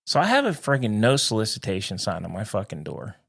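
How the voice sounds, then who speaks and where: A man's voice: on the low side, huge pitch swings, fast talker, creaky, a bit bright. A middle-aged man co-hosting a podcast, telling a profane, ranting story in casual chat. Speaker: podcast co-host.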